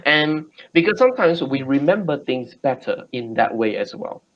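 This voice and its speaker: A man's voice: mid-range voice, sing-song, normal speed, highs cut off. A man tutoring English over a video call, explaining patiently with examples and frequent restarts. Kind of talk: casual video call lesson.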